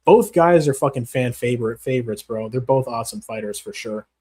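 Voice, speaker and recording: A man's voice: medium pitch, brisk, a little mellow, slightly rough. A man hosting a casual livestream, answering chat in a profane, rambling, slangy way. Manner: profane, rambling, slangy, calls viewers bro. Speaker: MMA channel host reading live chat.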